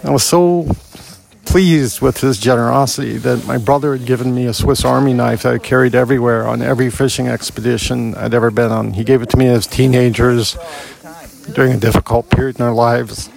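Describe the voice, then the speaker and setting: Gravelly middle-aged man, earnest storyteller. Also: medium pitch, fairly even intonation, darkish tone. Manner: earnest, reflective, halting pauses. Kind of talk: personal storytelling.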